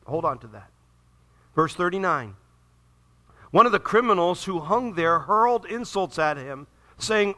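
Bright-toned preaching man. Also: on the high side, moderate pace. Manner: builds from calm teaching to loud impassioned preaching, acting out quoted voices. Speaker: pastor. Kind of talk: sermon.

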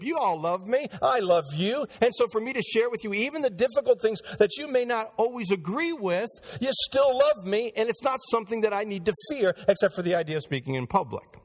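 A male pastor preaching a sermon in church, speaking straight to the congregation and acting out the voices he quotes. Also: high-pitched.

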